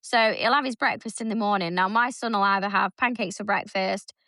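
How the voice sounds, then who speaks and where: A podcast co-host with a medium-pitched voice tells stories in casual chat, speaking fairly quickly and animatedly acting out her son's lines. The studio-quality recording has no echo.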